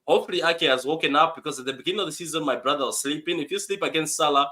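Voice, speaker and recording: A man with a fairly high, bright voice hosts a casual football chat. He talks in an excitable, teasing way. He is quick to laugh at the others.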